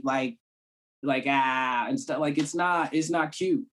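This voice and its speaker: A man's voice: medium pitch, slow, fairly bright tone. A man from the Cambridge area, a guest actor in a casual conversation, talking loosely with many "you know what I'm saying" fillers. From Cambridge, Massachusetts.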